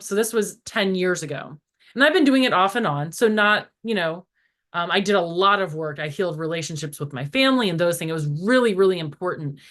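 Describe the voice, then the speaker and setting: Animated woman chatting about inner healing. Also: fairly low pitch. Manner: animated storytelling, acts out voices in quotes; frequent "like" fillers. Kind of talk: casual spiritual chat.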